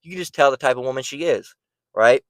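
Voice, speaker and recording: A man's voice: medium pitch, rapid-fire, fairly bright tone, no echo, rough recording. A man giving blunt, emphatic Bible commentary, swearing freely and asking "right?" often.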